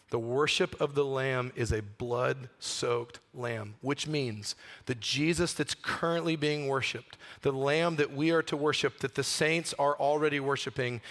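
A man preaching a sermon in an earnest way, slowing down and softening his voice on the key phrases. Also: medium pitch. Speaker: pastor.

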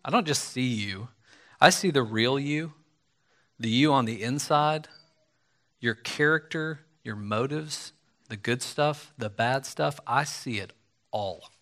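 A man preaching a sermon in a casual, conversational way, often acting out quoted lines with lively asides. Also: mid-range voice, slow pace. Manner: conversational, animated, acts out quoted speech.

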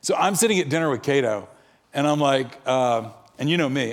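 A man's voice: fairly high pitch, moderate pace. A man preaching a sermon, telling stories and acting out the quoted dialogue. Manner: animated, acts out quoted dialogue. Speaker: pastor. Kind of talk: sermon storytelling.

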